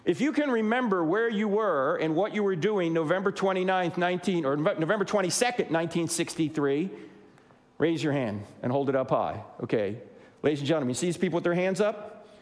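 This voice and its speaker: Animated man in his sixties lecturing. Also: a little high, a little fast, long reverb tail. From New Jersey, USA. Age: 60s. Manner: animated storyteller who acts out dialogue. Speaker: Christian apologetics speaker. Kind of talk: humorous lecture to a live audience.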